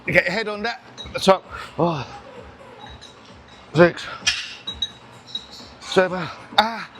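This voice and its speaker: A man's voice: sits high, takes it slowly, music in the background. A man chatting casually while training in a busy gym, counting reps and getting out of breath between sets. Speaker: gym vlogger. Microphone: camera on tripod nearby.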